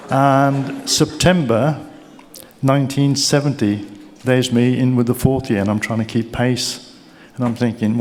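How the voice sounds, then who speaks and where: An older man with a Brummie accent giving a keynote speech, telling stories and joking with the crowd. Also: medium pitch. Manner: chatty storytelling, joking with the crowd. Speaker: keynote speaker. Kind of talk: anecdotal speech. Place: large awards event hall. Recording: long reverb of a large hall.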